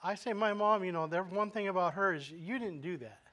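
A man's voice: sits high, a little fast, bright, forceful tone, dull audio. A male pastor preaching a sermon in a conversational way, asking the congregation rhetorical questions and often repeating words as he goes.

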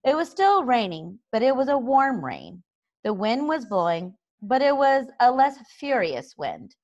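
A woman reading a children's book aloud in an expressive, unhurried way. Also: a little high, muffled recording. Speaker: story reader.

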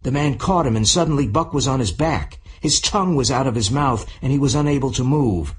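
A man narrating a simple audiobook for English learners, reading clearly and deliberately. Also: medium pitch, animated.

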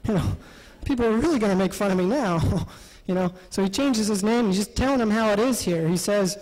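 A man presenting a Bible study session in an animated, laughing way, acting out the quotes. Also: sits high, a little fast, few pauses. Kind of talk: lively Bible study talk. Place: parish hall. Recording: long hall reverb.

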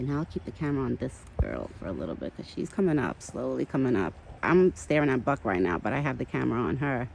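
In a casual backyard vlog, a woman caring for her pet deer chats affectionately, filling her talk with "like"s. She has a low, darkish voice with vocal fry, and a little hiss or hum sits in the recording.

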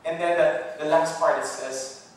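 A man preaching a sermon, swinging from loud bursts to hushed tones when he quotes God softly. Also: on the high side, steady tone, a little slow, a little hiss or hum. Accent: Californian. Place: church hall. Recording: echoey hall from far off.

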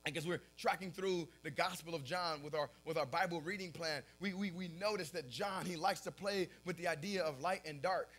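A young adult man preaching a sermon, telling stories in an animated, casual way with lots of fillers and bursts of laughter. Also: a little high, fairly quick, hardly any pauses. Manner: animated storytelling, often laughing at his own story; casual filler-heavy talk. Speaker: pastor.

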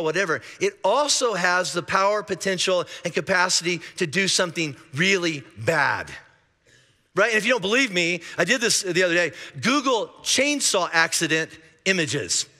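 Bright high-voiced man preaching a joking sermon. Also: in a large hall. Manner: conversational and joking, with frequent restarts. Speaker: pastor. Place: church auditorium.

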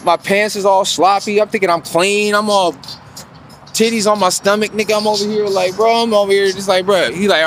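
A man's voice: sits high, steady tone, fairly quick, fairly bright tone, slight background noise. Profane, slangy man with a raised voice. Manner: profane, slangy, keeps asking "you feel me". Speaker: vlogger giving financial advice. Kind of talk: casual storytelling monologue.

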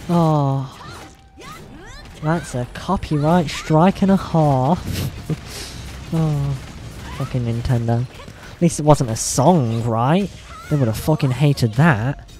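A woman streamer chatting casually on stream, rambling, swearing and giggling, and practising a higher voice. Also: slow pace, long pauses, warm tone, faint music behind. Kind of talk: casual livestream chat.

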